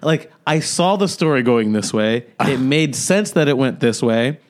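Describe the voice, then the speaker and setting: A man's voice: mid-range voice, measured pace. A man co-hosting a comedy podcast, chatting casually and acting out scenes as he talks. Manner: animated, acts out scenes with voices. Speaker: podcast co-host.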